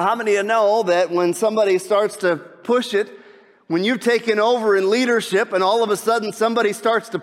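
A man preaching a sermon as a pastor, telling a Bible story in a lively way and asking the congregation questions. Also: very high voice, in a large hall. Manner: animated storyteller, asks the crowd questions.

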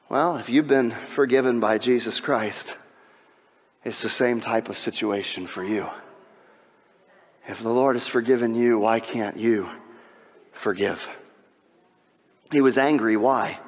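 A man's voice: mid-range voice, unhurried, long pauses, in a large hall. A man preaching a sermon as pastor, repeating phrases for emphasis and rising to impassioned peaks. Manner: builds to impassioned, shouting peaks when retelling the parable.

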